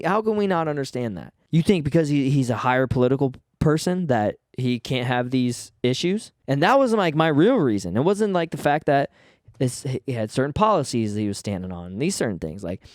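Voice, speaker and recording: A man's voice: on the high side, animated, a little fast, darkish tone, dry recording, clean studio sound. Fired-up man ranting on his podcast. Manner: fired-up, swearing, stumbling restarts. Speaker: podcast host. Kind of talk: casual solo podcast rant.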